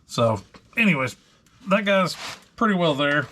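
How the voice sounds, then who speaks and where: A faint hiss or hum sits under this clip of a truck repair host talking casually as he works on parts in his garage. His pitch is fairly high and he's unhurried, relaxed and chatty, with many fillers like um.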